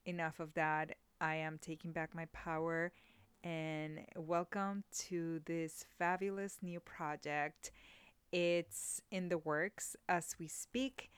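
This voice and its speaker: Mexican-born woman hosting a solo podcast; earnest, heartfelt delivery, smooth voice, dry room. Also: lowish voice, no echo. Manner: emotional, earnest, mixes soft and emphatic moments. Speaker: podcast host. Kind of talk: casual solo podcast monologue.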